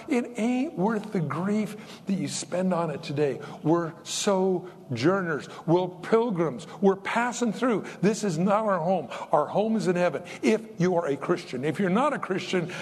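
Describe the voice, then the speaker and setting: A man preaching a sermon in a folksy, animated way, with humorous asides between his points. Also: sits high, slightly rough. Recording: long reverb of a large hall.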